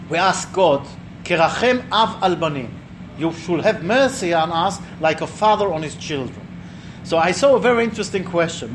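In a noisy setting, a high-pitched middle-aged man, seemingly a rabbi or teacher, holds a conversational religious class. He tells stories, asks his audience questions and plays out different voices.

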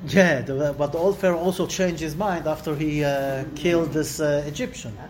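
A Torah teacher giving a Bible lesson to a small class indoors, acting out quoted lines with rising, dramatic delivery. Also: normal speed. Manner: animated, acts out quotes with rising pitch. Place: indoor room with listeners.

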